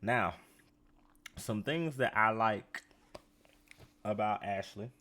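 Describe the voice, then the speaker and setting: A man hosting a podcast, riffing on a reality show in a casual, profane, animated way and talking straight to his listeners. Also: on the low side, takes it slowly. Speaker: podcast host.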